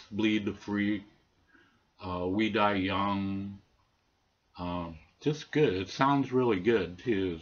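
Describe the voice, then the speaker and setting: A man's voice: low voice, fairly bright tone, highs cut off. A man casually talking through his record finds in a laid-back, hesitant way, with lots of ums and uhs. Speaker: record collector showing vinyl finds.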